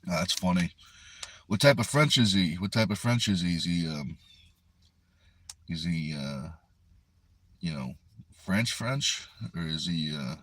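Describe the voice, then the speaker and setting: A man's voice: low-pitched, lively intonation, a little slow, long pauses, a bit bright, dry recording. A man hosting a casual livestream from inside a car, talking into a phone propped on the steering wheel and reading viewer comments aloud in an easygoing, chatty way. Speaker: livestream host. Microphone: phone resting on the steering wheel.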